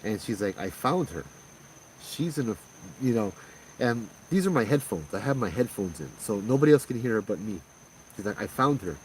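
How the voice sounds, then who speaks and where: A man's voice: on the low side, normal speed. Man telling a ghost story, faint crickets. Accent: Hawaiian. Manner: conversational, animated retelling with quoted voices. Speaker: paranormal storyteller. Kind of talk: casual spoken ghost story. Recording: distant mic with faint background noise.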